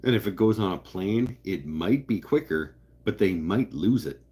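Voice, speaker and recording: Low and husky with a dark tone, this livestream host talks at a normal speed with plenty of expression. He rambles through viewer comments in a casual, joking way, often cutting himself off.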